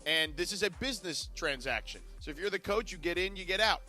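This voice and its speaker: A man's voice: sits high, expressive, a little fast, bright, forceful tone, soft background music. A young adult man co-hosting a sports radio show, musing in casual talk with hesitations and lots of fillers.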